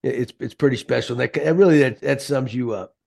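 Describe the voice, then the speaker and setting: A man hosting a podcast chat, animated and folksy, often repeating his words. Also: medium pitch, fairly quick, vocal fry. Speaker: podcast host. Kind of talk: casual chat.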